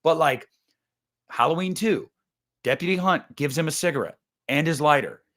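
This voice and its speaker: A man talking casually about horror films, swearing freely and acting out scenes, jumping into loud bursts. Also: a little high, normal speed. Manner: animated, swearing, acts out movie scenes with sudden loud jumps. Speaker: podcast host. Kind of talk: casual movie chat.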